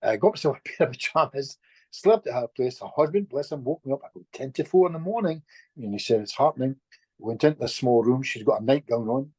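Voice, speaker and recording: A middle-aged man, a guest healer, telling stories in a lively, chatty way with chuckles and restarts. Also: mid-range voice, a little fast, husky, no room sound. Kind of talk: casual storytelling in conversation.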